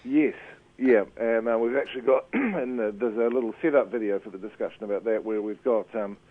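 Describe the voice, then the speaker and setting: A man's voice: medium pitch, fairly quick. A man chatting casually on radio as a media commentator, hesitant with many fillers and restarts. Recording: tinny phone line.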